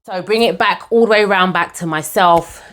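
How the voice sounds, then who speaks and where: Young woman telling a story to camera, kinda low voice, chatty and animated, keeps saying guys. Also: normal speed. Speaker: vlogger telling her own story.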